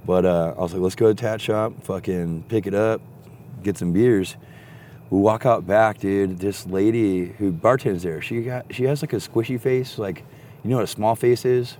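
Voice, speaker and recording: Speaking at a normal speed in a fairly low voice, a young man rambles through a story loaded with swearing. He's animated in casual conversation, voicing other people's lines himself, and there's slight hiss or hum.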